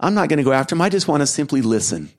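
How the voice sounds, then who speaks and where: A middle-aged man hosting a podcast, telling a reflective story in an earnest, gentle way with soft laughs. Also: fairly high pitch, very animated, very fast. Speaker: podcast host and keynote speaker.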